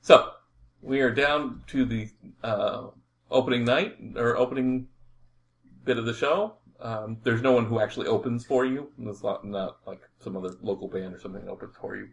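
A man acting as game master, narrating a tabletop game in a relaxed, rambling way with frequent laughs. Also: medium pitch, normal speed.

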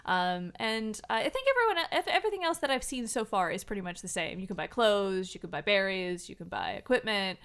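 A woman co-hosting a casual gaming podcast, animated, laughing often and acting out her own reactions. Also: medium pitch, a little fast, hardly any pauses, clean tone. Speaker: podcast co-host. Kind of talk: casual chat.

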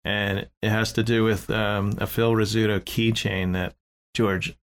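Man, casual co-host, lowish voice, dry and brief. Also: little pitch movement, a little slow, smooth. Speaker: podcast co-host. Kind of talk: casual chat.

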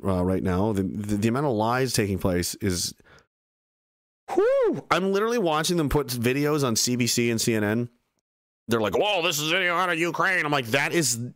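A young man rants on a livestream, reading viewer messages aloud between bursts of angry, sarcastic swearing. His voice sits at an ordinary middle pitch. It is recorded close up on a desk mic in a dry room with no echo. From Canada. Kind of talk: ranting livestream commentary.

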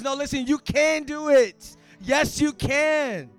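A man preaching a sermon, moving from hushed asides to loud shouted declarations. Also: very high voice, fairly even intonation, measured pace, faint music behind.

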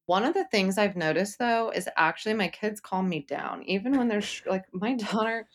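A woman's voice: mid-range voice, moderate pace. A young woman speaking candidly as an interview guest, chatty and full of "like" fillers, acting out what others said. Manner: chatty, frequent "like" fillers, acts out quotes.

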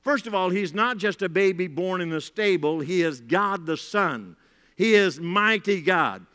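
A man preaching a sermon in a church, his voice high and bright. He swings between loud emphatic stretches and dropped, quieter asides, and often repeats phrases for effect. The sound carries a long hall reverb. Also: expressive, unhurried, smooth. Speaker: pastor.

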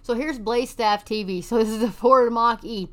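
A woman's voice: on the high side, normal speed, fairly bright tone. A woman from Texas hosting an online commentary show, reading news articles aloud and adding sarcastic, scoffing asides.

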